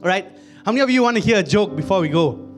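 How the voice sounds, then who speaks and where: A man's voice: high-pitched, expressive, very fast, soft background music. A man preaching a sermon in a conversational, humorous way, often repeating himself. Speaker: pastor.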